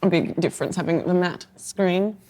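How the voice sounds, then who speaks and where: A woman's voice: on the low side, normal speed, mellow, a little hiss or hum. A woman co-hosting a podcast in casual chat, teasing her co-host and laughing easily.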